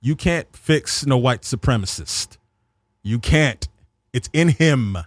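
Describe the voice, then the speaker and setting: Mężczyzna w kpiącej, chaotycznej tyradzie. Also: male voice, mid-range voice, animated, normal speed, no room sound, studio quality. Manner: rambling, full of fillers and restarts, mocking; slips into mocking voices for people he quotes. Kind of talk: comedic political rant.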